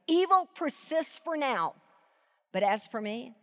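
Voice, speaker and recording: A middle-aged woman preaching a sermon at a live event, emotional and choked up, swinging between soaring emphasis and hushed reading. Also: medium pitch, expressive, moderate pace. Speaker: Bible teacher.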